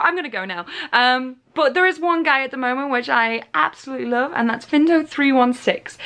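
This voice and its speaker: A young woman with an English accent talking casually to camera in a vlog, animated and laughing as she vents. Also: high voice. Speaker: vlogger.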